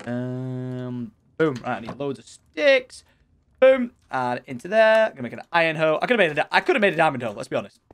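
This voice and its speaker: A young man narrates his gameplay in a lively Let's Play style, his pitch leaping up and down as he thinks aloud. He is chatty and excitable, talking straight to his viewers. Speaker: gaming channel host.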